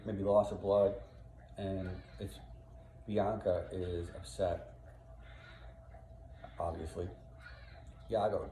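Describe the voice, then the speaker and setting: A man's voice: on the low side, lively intonation, measured pace, long pauses, a little mellow. A male teacher walking through a play scene by scene, paraphrasing the lines in casual, plain words. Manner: reads lines aloud, then paraphrases in plain slang. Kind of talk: casual literature lesson, explaining a play scene by scene. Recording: echoey room, faint background noise.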